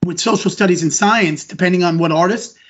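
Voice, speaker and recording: Husky-voiced and high-pitched, this earnest male elementary school teacher speaks briskly with a fairly bright tone. Answering podcast interview questions in conversation, he rambles and keeps restarting sentences, all on dull lo-fi audio.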